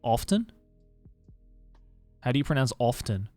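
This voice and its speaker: An Australian man streaming, chatting casually with viewers in a musing, hesitant way, slowing down to sound out words. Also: medium pitch, animated, no room sound, soft background music.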